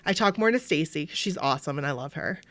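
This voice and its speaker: A woman's voice: sits low, quick pace, no echo. Chatty podcast co-host woman, dry sound. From Maine. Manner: animated storytelling with bright acted-out quotes. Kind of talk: casual chat.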